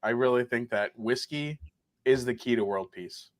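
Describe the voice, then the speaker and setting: A man's voice: mid-range voice, normal speed. A man who is a guest on a live whiskey tasting, chatting in a rambling, joking way and swearing casually. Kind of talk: casual chat, live stream.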